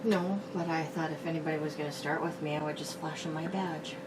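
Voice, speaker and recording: A woman's voice: deep voice, fairly even intonation, a little fast. A woman co-hosting a casual home beer-review show, teasing her partner with sarcastic comebacks. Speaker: co-host of a beer review channel. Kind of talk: casual banter. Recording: distant mic with background noise.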